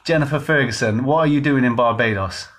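A man's voice: mid-range voice, fairly quick, fairly bright tone. A man from Gloucester with a Gloucestershire accent, leading a live-streamed dance fitness class in a chatty, upbeat way, greeting viewers by name. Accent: Gloucestershire English. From Gloucester, England. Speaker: fitness instructor.

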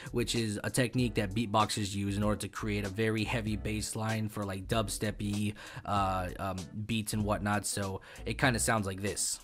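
A man in his twenties hosting a casual gaming tutorial, rambling and profane, with frequent stumbles and fillers. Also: on the low side. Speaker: YouTube gaming host.

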